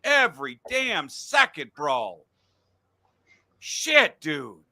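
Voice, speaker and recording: A man's voice: on the high side, lively intonation, moderate pace, pushed and bright, no room sound. A middle-aged man hosting a casual sports podcast from a home studio, blunt and profane when he rants. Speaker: podcast host.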